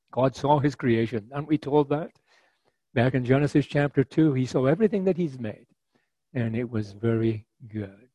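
Man preaching with a mellow voice. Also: medium pitch, slightly rough, no room sound, poor audio. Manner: measured, conversational preaching with frequent fillers and restarts. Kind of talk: sermon.

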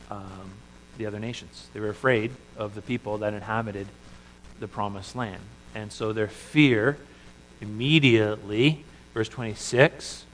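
A man preaching a sermon as a pastor, earnest, with frequent restarts, swinging between loud emphasis and hushed asides. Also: medium pitch, long reverb tail, poor audio.

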